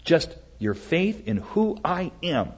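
A man voicing God as a calm, reassuring presence, speaking slowly and softly. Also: high voice, creaky, husky, dull audio, voice pushed up, heavily acted. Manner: slow, hushed, reassuring.

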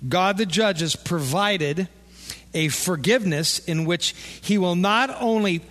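A man preaching a sermon as pastor, animated and playing out imagined conversations with his listeners. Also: high-pitched, unhurried. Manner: animated, acts out imagined dialogue. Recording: long echo of a large hall.

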